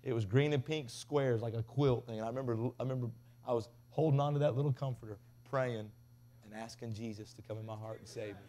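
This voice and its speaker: A man preaching a revival sermon, telling stories with big swings from loud to hushed. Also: mid-range voice, fairly even intonation, quick pace. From Tennessee. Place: revival tent.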